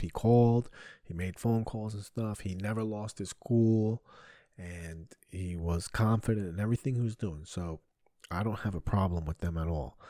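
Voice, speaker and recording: A man with a low, mellow voice rambles through a crude, profanity-laced story. The recording is dry and close, made in his home basement as a casual comic podcast monologue. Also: dry recording. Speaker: podcast host.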